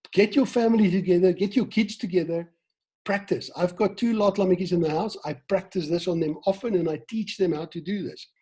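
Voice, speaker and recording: A South African man running an online sales training session over a video call, lively, acting out quoted lines and questioning his audience. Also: sits high, husky. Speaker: team trainer.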